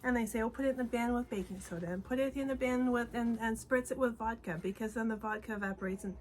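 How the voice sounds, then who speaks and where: Chatty Canadian woman, slightly high voice. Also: fast. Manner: cheerful, chatty storytelling. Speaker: podcast co-host. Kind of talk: casual chat. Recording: faint background noise.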